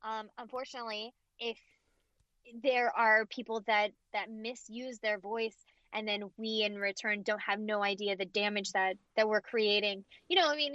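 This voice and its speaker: A woman voice actress giving emphatic, expressive interview answers, often restarting her sentences. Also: medium pitch, normal speed, no echo. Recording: slightly dull, dry audio.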